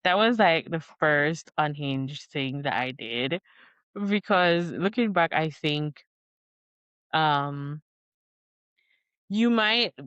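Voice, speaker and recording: A young woman vlogging in casual chat, rambling with lots of fillers and restarts, recorded close in a quiet room. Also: sits low, lively intonation, slow, pauses often, smooth, no echo, muffled recording. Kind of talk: casual talking-head chat.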